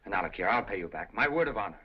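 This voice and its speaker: An actor playing a penniless gentleman gambler in a 1930s film, polite but flustered and protesting. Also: deep voice, expressive, rapid-fire, slightly rough. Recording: dull 1930s film soundtrack.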